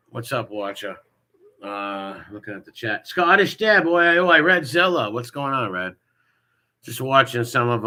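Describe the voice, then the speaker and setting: A man's voice: medium pitch, bright, forceful tone. A man hosting a casual livestream, mocking a clip he plays and greeting viewers in the chat. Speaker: livestream host reacting to a clip.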